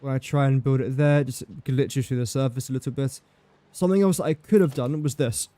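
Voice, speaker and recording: A man's voice: mid-range voice, brisk, mellow. Self-mocking man streaming a game. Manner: chatty, self-mocking, talks to objects while building. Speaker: livestreaming gamer. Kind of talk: casual game commentary.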